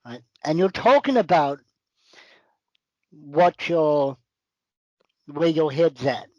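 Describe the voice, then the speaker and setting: A man hosts a casual talk and gives advice, breaking the problem down piece by piece. His voice sits somewhat high. The recording is dry and close, with no room echo. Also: lively intonation, slow, darkish tone, highs cut off. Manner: coaching, breaks things down step by step. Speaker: podcast host giving advice. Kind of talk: casual conversation.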